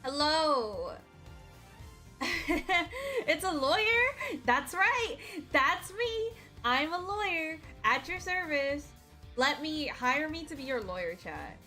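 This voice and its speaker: A woman's voice: high-pitched, sing-song, slow, bright, forceful tone, soft background music. A woman streamer chatting casually with her viewers, playful and teasing, with frequent giggles.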